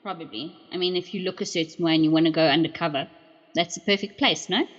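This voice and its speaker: A woman's voice: on the low side, fast, muffled recording. A middle-aged woman hosting a livestream in casual chat, reading dream meanings, exclaiming often and swearing freely.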